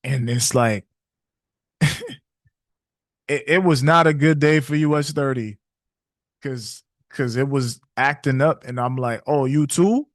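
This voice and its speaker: A man's voice: medium pitch, fairly even intonation, slow, long pauses, no echo, studio quality. Candid man hosting a trading webinar. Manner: candid, reflective, laughs often. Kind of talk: casual motivational talk.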